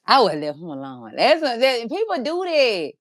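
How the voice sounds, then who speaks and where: A woman hosting a podcast in casual chat, animated and colloquial, swearing freely. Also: a little high, normal speed. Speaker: podcast host.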